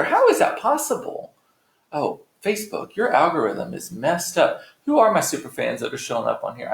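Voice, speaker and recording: A man's voice: mid-range voice, gravelly. A middle-aged man hosting a live stream, chatting casually and rambling to his viewers with playful swearing. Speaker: livestream host. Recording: roomy echo.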